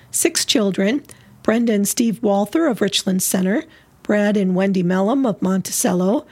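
A woman announcer on local radio, reading the weather and obituaries at a steady, measured pace. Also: mid-range voice, breathy edge.

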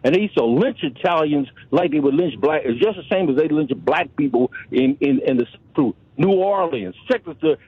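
A man's voice: a little high, slightly rough, dry recording. A man calling in to a radio show, impassioned and rambling, stumbling over and repeating words. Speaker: radio caller. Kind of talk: call-in radio talk. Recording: tinny phone line.

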